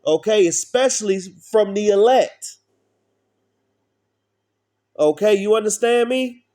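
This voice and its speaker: A man's voice: high voice, lively intonation, slow, mellow. A man preaching an informal street sermon, blunt and profane, often asking his listeners questions.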